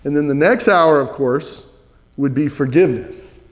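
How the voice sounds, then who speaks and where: A man's voice: a little high, moderate pace, big-room sound. A man teaching a spiritual practice, earnest, leading listeners in repeated chants.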